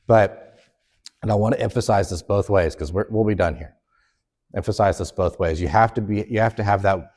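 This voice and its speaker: Man, very low voice, Sunday school teacher, earnest and conversational. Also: darkish tone. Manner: earnest, conversational, acts out quoted complaints.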